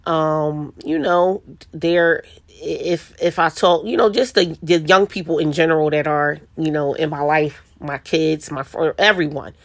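Middle-aged woman podcasting solo, low voice, rambly "you know"s, dry close sound. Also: steady tone, a little slow, no room sound. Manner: chatty, lots of "you know" and restarts. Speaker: podcast host. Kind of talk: casual solo monologue. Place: quiet spot with birds outside.

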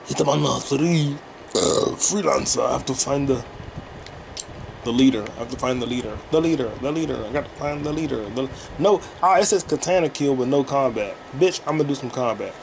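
Gravelly, profane podcast host at home. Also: male voice, medium pitch. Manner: profane, offhand, rambling. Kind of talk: casual rambling monologue while gaming. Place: home room with a fan running. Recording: noisy home recording with fan hum.

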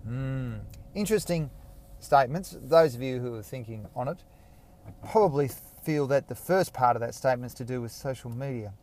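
An Australian man hosting a casual solo podcast, rambling and self-mocking, with sudden excited bursts. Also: medium pitch, normal speed. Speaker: podcast host.

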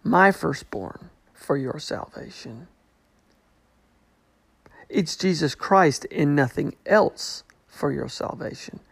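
High, slow, gravelly man teaching scripture. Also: lively intonation, fairly bright tone, no echo. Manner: acts out the people's questions in a mocking tone. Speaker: preacher. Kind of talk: bible teaching.

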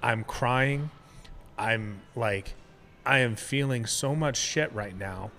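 A man's voice: medium pitch, slow pace, bright, forceful tone. Candid, swearing man telling a story. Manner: candid and profane, many restarts. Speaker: guest. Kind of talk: casual storytelling.

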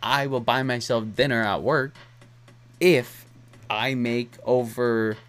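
A young man hosting his own podcast in a loose, unscripted chat. His voice sits at an ordinary middle pitch for a man. He wanders from point to point in a candid way and breaks into laughs now and then. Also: steady tone, slow pace, fairly bright tone, clear, resonant tone. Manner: rambling, candid, laughs often. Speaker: podcast host. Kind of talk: casual solo podcast chat.

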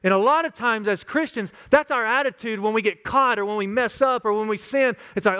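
A man's voice: sits high, brisk, few pauses, pushed and bright, smooth. A man in his thirties preaching a sermon as a pastor, earnest and acting out little quoted scenes.

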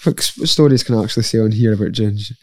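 A man's voice: on the low side, very fast, dry recording. A Scottish man, a podcast guest who fights and coaches MMA, telling stories in a casual chat, laughing often and acting out the people in them. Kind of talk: casual chat, lively storytelling.

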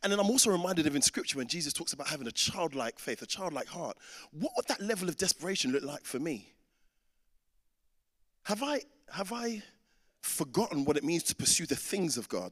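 A man in his thirties preaching a sermon, telling a personal story and acting out the voices in it. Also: a little high. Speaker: pastor. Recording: reverberant hall.

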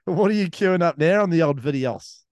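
A man's voice: fairly high pitch, lively intonation, a little fast, darkish tone, no room sound, studio quality. A young adult man with a New Zealand accent, co-hosting a podcast, chatting casually with crude teasing and frequent laughter. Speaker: podcast co-host. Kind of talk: casual banter.

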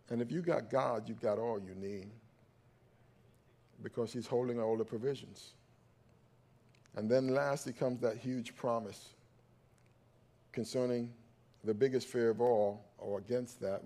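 Fervent preacher man. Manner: fervent, rising to loud emphatic peaks, then dropping low and quiet; calls out to the congregation for response. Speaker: pastor. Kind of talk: sermon.

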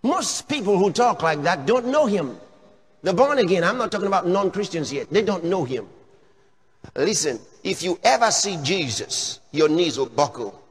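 A male pastor preaching a sermon, emphatic and questioning, swinging between shouts and low asides. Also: sing-song, normal speed, big-room sound.

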